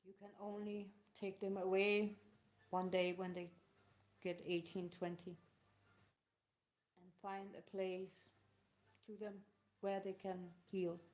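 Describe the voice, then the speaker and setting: Emotional woman answering questions, halting. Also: mid-range voice, little pitch movement. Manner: halting, emotional, non-native phrasing. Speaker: live show host. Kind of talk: casual live talk answering questions.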